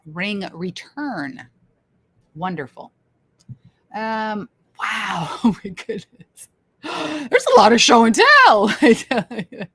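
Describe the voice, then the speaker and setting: A woman from Canada reads viewer comments on a casual livestream in a slow, sing-song, mid-range voice that's a bit bright with a breathy edge. She laughs often, repeats phrases, and sounds enthusiastic.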